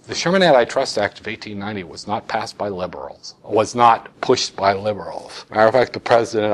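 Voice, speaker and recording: A man's voice: lowish voice, fairly bright tone. A man teaching a history lecture, talking animatedly with sarcastic asides.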